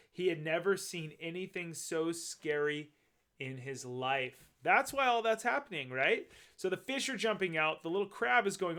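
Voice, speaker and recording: A man with a fairly high voice reads a children's picture book aloud. He stops often to chat about the pictures and point out small details. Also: fairly bright tone. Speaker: storybook reader.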